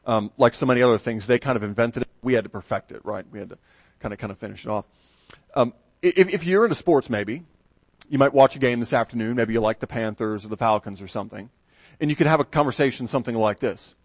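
A man's voice: medium pitch, quick pace, no room sound. An American man preaching a sermon as pastor, in a conversational, folksy way with asides and restarts. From United States.

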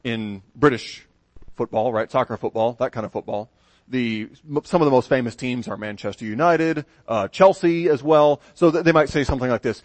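A man's voice: mid-range voice, normal speed, no room sound. An American man preaching a sermon as pastor, in a conversational, folksy way with asides and restarts. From United States.

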